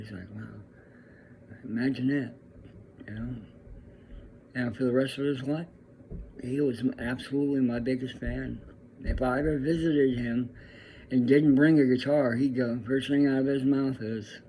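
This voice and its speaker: A man's voice: mid-range voice, warm tone, slight background noise. Older man telling a fond story. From California. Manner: rambling, fond storytelling with acted-out quotes. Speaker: musician. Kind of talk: personal storytelling.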